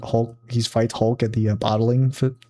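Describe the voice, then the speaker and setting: A man's voice: medium pitch, level tone, normal speed, dark tone. Male podcast co-host; loose rambling delivery, self-amused laughter. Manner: rambling, restarts often, laughs at his own jokes. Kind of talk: casual chat.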